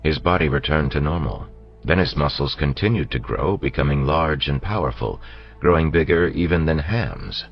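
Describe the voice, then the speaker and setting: Very deep, gravelly male narrator. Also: expressive, moderate pace, highs cut off. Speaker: audiobook narrator. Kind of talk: scripted narration.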